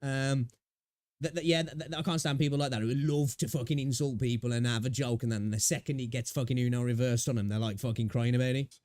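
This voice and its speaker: Brief: male streamer, quick rambling banter, dry close-mic sound. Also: medium pitch, steady tone, darkish tone, no room sound. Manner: rambling and sweary, many fillers. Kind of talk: casual live-stream chat.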